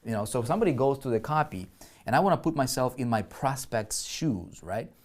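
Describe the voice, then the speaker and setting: Brisk and lively in his intonation, a medium-pitched man leads an online marketing walkthrough over screen share. He reasons aloud, checks in with listeners regularly, and keeps restarting and repeating words.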